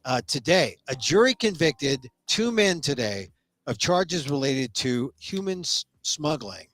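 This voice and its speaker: A man's voice: fairly high pitch, unhurried, no room sound. An older man hosting a talk show, chatting casually and playfully toying with words. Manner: animated, playful with wordplay. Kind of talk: casual conversation.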